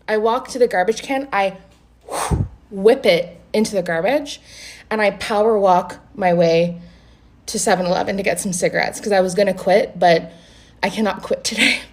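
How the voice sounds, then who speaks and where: A young woman telling a story straight to camera in a casual, lively way. She swears freely and acts out what each person said. Her voice sits in an ordinary middle pitch. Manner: animated, profane, acts out both sides of the conversation. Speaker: vlogger telling a dating story.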